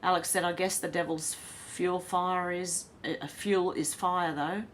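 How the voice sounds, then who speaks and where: A woman born in Ireland hosting a livestream, reading viewer comments aloud and answering with quick, chatty asides. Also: lowish voice, fairly even intonation, slight background noise. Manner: reads comments then reacts with quick asides and laughs. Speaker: livestream host reading chat.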